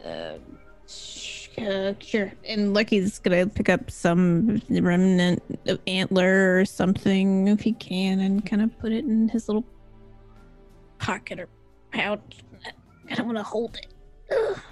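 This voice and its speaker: Woman at a tabletop game, rambly and chatty, middle pitch. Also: animated, unhurried, a little mellow, soft background music. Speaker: player. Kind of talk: tabletop role-play chat.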